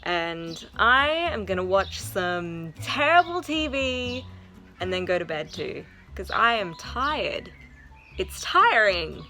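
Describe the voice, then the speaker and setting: A young woman from South Africa or Australia chatting excitedly and rambling a little in a casual vlog, often giggling. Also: mid-range voice, slow pace, faint music behind. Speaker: vlogger.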